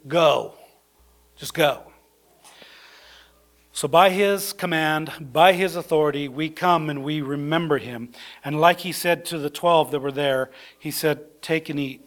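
A man preaching a sermon, conversational, swinging between soft low asides and excited high bursts.

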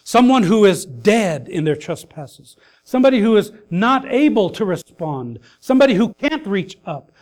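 A man preaching a sermon, earnest and grieving his mother, pausing with fillers and rising to emphatic calls. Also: high-pitched, a little mellow. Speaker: pastor.

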